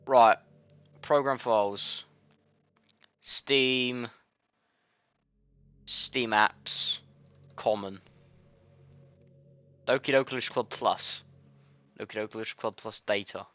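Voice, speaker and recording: A man's voice: mid-range voice, steady tone, slow pace, long pauses, fairly bright tone, no echo, highs cut off. Cursing man narrating a game. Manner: swearing, easily frustrated, rambling. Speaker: gaming video creator. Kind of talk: casual let's-play commentary. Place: home recording studio.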